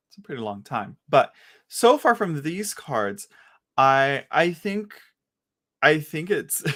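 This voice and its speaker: A man doing a live-stream tarot reading, talking at an ordinary middle pitch. He is chatty and loose and often trips over his words and starts again. It sounds like a relaxed talk from home. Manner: casual, chatty, halting with many restarts. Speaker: tarot reader.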